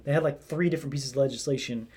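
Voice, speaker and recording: A man's voice: medium pitch, rapid-fire, a little mellow, breathy edge. A man hosting casual political commentary, talking in a rambling way with lots of fillers. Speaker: commentary host.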